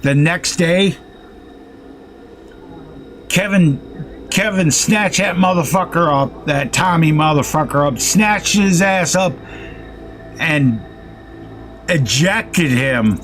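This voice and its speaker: A man's voice: fairly high pitch, slow pace, long pauses, a bit bright, a little hiss or hum. A man telling a rambling, profane story while playing a game. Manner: profane, rambling anecdote with quoted threats. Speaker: gaming streamer. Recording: faint music underneath.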